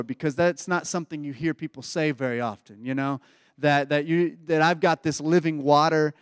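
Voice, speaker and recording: A man's voice: on the high side, clean tone, no room sound, studio quality. A man preaching a sermon as pastor, retelling a scripture story in casual everyday words. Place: church.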